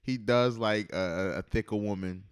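A man's voice: lowish voice, steady tone, normal speed, clean tone. A young man hosting a casual podcast, talking in a loose, slangy, profane way. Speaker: podcast host.

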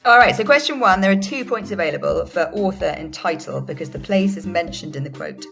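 Brief: woman guest author hosting a book quiz, low gravelly voice, upbeat. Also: lively intonation, brisk, fairly bright tone, soft background music. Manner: upbeat, frequent laughs, apologetic asides. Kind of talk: casual podcast quiz chat.

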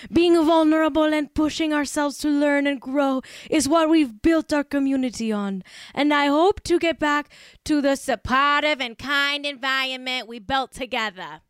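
Woman putting on a fake spanish lisp, mock sincere, kinda high voice, louder than usual. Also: moderate pace, no room sound, clean studio sound, lightly acted. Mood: mock-earnest. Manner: mock-earnest, exaggerated lisp. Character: woman faking a lisping Spanish accent, reading an apology.

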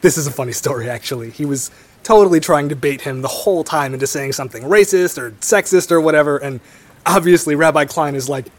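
A young man being interviewed, relaxed and wry, laughing easily. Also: fairly high pitch. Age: young adult. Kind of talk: conversational interview.

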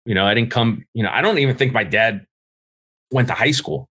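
A man's voice: medium pitch, brisk, bright, forceful tone, breathy edge. Middle aged jersey guy on a podcast, swears a lot, laughs at his own stories, medium voice. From New Jersey. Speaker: podcast guest. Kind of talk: casual interview storytelling.

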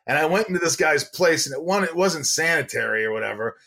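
A man raised in Indiana, a podcast guest telling lively personal stories in casual chat and acting out the voices of the people in them. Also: fairly high pitch, fast, vocal fry. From United States, raised in Indiana. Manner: animated storyteller, acts out voices in his anecdotes.

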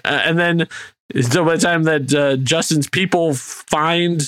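A man's voice: a little high, fairly even intonation, unhurried, a bit bright, clean tone. A man hosting a podcast, recapping a film in a rambling, casual way full of fillers. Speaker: podcast host.

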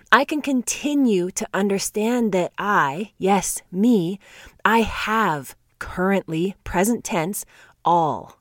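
A woman teaching on scripture in a devotional talk to her viewers, earnest and emphatic, slowing down to stress key words and laughing lightly between points. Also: fairly low pitch, dry recording, clean studio sound. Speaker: Bible teacher.

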